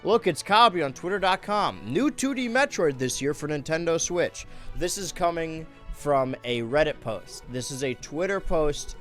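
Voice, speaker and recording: A young man fronts a parody news segment in a slightly high voice, bouncing between hyped announcements and dry asides. He plays at being a serious newscaster. Faint music runs underneath. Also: moderate pace, few pauses. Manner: excitable, jokey mock-newscaster delivery. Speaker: host. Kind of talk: mock news show.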